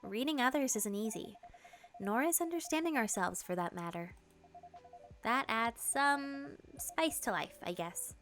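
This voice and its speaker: A woman voicing a calm, thoughtful barista in gentle, measured tones, reading game dialogue. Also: fairly high pitch. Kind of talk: game dialogue read-through.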